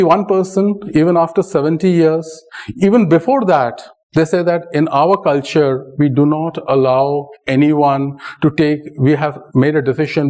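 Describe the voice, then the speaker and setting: A man's voice: mid-range voice, darkish tone, low-quality recording. A man with an Indian English accent giving a conversational public lecture full of anecdotes, often checking in with "right?". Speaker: speaker giving a talk.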